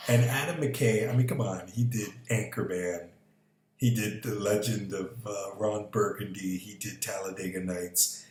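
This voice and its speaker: Male vlogger, lowish voice, rambling and profane, roomy echo with faint hiss. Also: fairly even intonation, a little slow, a little mellow. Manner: rambling, profane, chuckles at his own ideas. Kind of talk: casual rambling monologue. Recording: echoey room with faint background noise.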